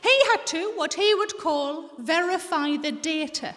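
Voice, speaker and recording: A stand-up comedian in her forties with a North East English accent tells bawdy stories deadpan, acting out the voices of the people in them. Her voice is very high-pitched and a little slow, picked up by a stage microphone in a large theatre. The hall is reverberant, with loud laughter from the live audience.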